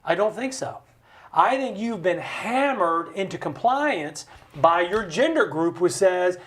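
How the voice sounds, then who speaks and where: A man leads a studio conversation. His voice sits high for a man, and he talks in an emphatic, preacher-like way. He acts out the quotes he cites. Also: expressive, a little slow. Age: 50s. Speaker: host. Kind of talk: conversational podcast talk, preaching-style. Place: recording studio.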